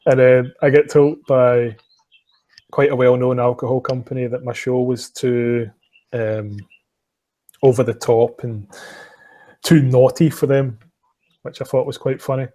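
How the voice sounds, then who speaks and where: A man's voice: mid-range voice, level tone, measured pace, pauses often, warm tone. Man, West of Scotland accent, young adult, casual podcast chat, sweary, self-mocking. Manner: profane, laughing, self-mocking. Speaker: podcast host.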